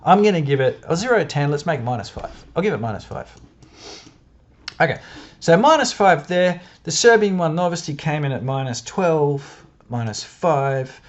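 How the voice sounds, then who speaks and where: A man's voice: fairly high pitch, sing-song, moderate pace. A man with an Australian accent giving casual, chatty commentary to camera, often laughing and second-guessing himself. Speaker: video creator analysing newspapers. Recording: dull lo-fi sound.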